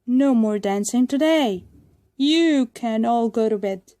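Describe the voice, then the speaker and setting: A woman voicing a gruff, bossy puppet master who barks out commands. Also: fairly high pitch, takes it slowly, darkish tone, no echo.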